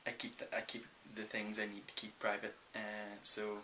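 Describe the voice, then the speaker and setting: A man's voice: fairly low pitch, monotone, normal speed, pushed and bright, faint music behind, low-quality recording. A young man with a Northern Irish accent, answering viewer questions in a casual, rambling vlog full of ums. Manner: chatty and rambling, many ums. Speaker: vlogger.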